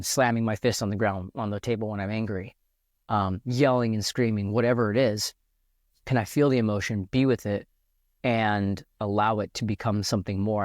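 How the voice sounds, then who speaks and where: A man's voice: lowish voice, no room sound, studio quality. A man talking as a podcast guest in an earnest, reflective way, often restarting his sentences as he thinks aloud. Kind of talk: reflective casual conversation.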